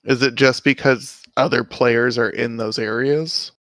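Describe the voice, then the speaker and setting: A man's voice: medium pitch, fairly even intonation, unhurried, fairly bright tone, no room sound. A man playing in an online tabletop game who asks curious questions and stops and restarts often. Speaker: player. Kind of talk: casual chat during an online game.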